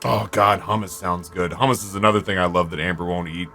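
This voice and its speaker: A man streaming a game from home, telling stories to his viewers in an animated, foul-mouthed, casual way. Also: deep voice, fast, a little hiss or hum. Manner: animated storyteller, swears freely. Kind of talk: casual chat with viewers while gaming.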